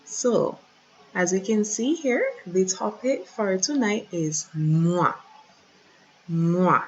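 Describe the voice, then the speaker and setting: A woman teaching a French lesson online, carefully pronouncing each phrase slowly for her students. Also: mid-range voice, big pitch swings, husky, dull audio.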